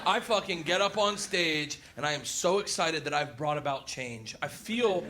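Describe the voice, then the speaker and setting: A young man telling a crude stand-up story, excitable and laughing through his lines. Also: a little high, moderate pace. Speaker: stand-up comedian. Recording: heavy noise in recording.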